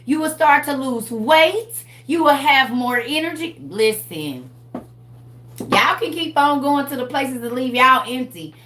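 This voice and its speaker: Lively woman in her forties, roomy echo. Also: high voice, measured pace. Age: 40s. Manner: animated, laughing, addresses viewers as y'all. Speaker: vlogger sharing faith. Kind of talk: casual spoken preaching to viewers.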